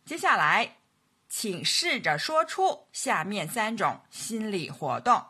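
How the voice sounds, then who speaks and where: Slow husky woman teaching English. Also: medium pitch, very animated, bright, forceful tone. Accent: Mandarin Chinese. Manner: slow, clear model sentences repeated for learners. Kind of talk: language lesson narration.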